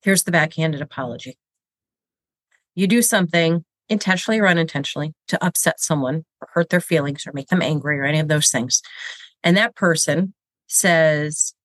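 A woman's voice: on the low side, animated, normal speed, fairly bright tone, no echo. A woman in her fifties with a cold and a congested voice, chatting candidly and self-deprecatingly as a show host, rambling with frequent restarts. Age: 50s. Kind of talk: casual confessional chat. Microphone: video camera.

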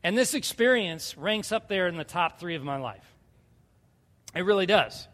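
A high-pitched man in his thirties delivers an earnest, conversational sermon from the pulpit. He tells personal stories plainly, then rises into fervent appeals. His voice rings with a long reverb in a large church hall. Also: lively intonation, moderate pace, fairly bright tone. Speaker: pastor. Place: church sanctuary.

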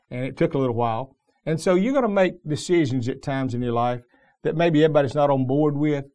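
A man's voice: mid-range voice, darkish tone. A middle-aged man preaching a sermon as pastor, telling the story in a loose, conversational way with frequent restarts.

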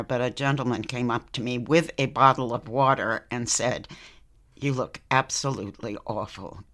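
An older woman, a podcast guest, recounting a personal story in a lively conversational way, laughing now and then. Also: a bass voice.

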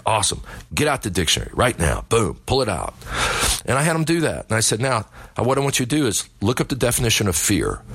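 A middle-aged man giving an energetic motivational talk as a sales coach, telling stories with acted-out dialogue. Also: on the low side, dry recording.

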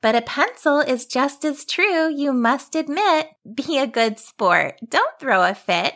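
Woman playing a bright-voiced young girl, high and eager, storybook. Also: big pitch swings, a little slow, heavily acted. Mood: cheerful. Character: bold, cheerful young girl.

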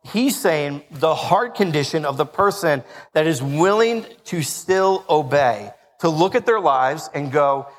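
A man's voice: a little high, animated, unhurried, in a large hall. A male pastor preaching a conversational sermon, joking and asking the congregation questions.

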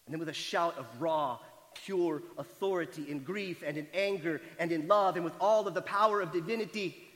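A man with a high-pitched voice preaches a sermon, telling a story with dramatic swings between forceful emphasis and near-whispered quiet. His voice rings out in a large hall with a long reverb trailing each phrase. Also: moderate pace. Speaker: pastor.

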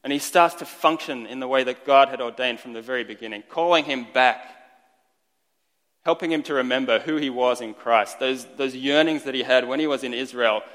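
A man preaching a sermon in a relaxed, conversational way, joking lightly and restarting his sentences now and then. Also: mid-range voice, brisk. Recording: long reverb of a large hall.

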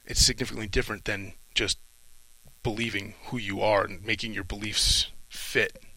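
A middle-aged man muses aloud in a reflective solo monologue, pausing often and coming back to his point. His low voice has plenty of gravelly fry and a bright, forceful edge, and it sounds dry and close with no room echo. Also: steady tone. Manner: thoughtful, musing, speaks in short halting phrases. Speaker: retired Navy officer sharing reflections.

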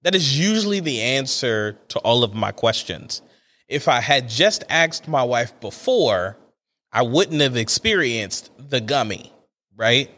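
A young man talks through his solo podcast in a loose, casual monologue. His voice swings widely up and down as he rants with mock outrage, sitting at a middle pitch for a man. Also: unhurried. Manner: animated, exasperated ranting with big pitch swings. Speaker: podcast host.

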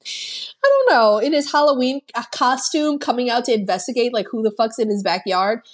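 A woman's voice: a little high, fairly even intonation, normal speed. A woman co-hosting a podcast, casually recapping a movie with plenty of swearing and laughter. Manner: profane, laughing storyteller. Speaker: podcast co-host.

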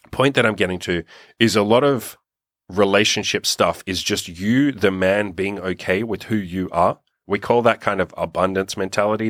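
A young man coaching on dating in a loose, unscripted monologue. He speaks bluntly, swears often and restarts his thoughts as he goes. His voice sits very low and sounds dry, with no room around it. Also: fairly bright tone, no room sound. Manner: blunt, swears freely, thinks aloud with restarts. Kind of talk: casual advice monologue.

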